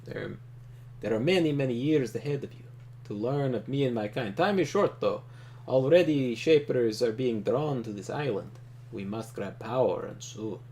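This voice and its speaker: Man reading calm, commanding fantasy game leader, measured and formal. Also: mid-range voice, natural voice. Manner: measured, formal, read aloud with emphasis. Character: calm, powerful male leader of an invading people.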